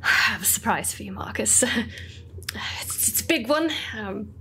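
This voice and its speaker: A woman's voice: medium pitch, animated, sharp tone, whispered. A woman voicing a nervous male halfling lover. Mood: nervous tender. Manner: breathy, halting, sighing delivery.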